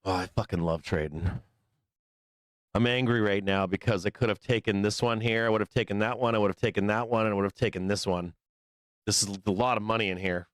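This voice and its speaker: A man's voice: fairly low pitch, steady tone, brisk, no echo, clean studio sound. Profane, rambling male stream host. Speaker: livestream trading show host. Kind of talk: casual livestream chat.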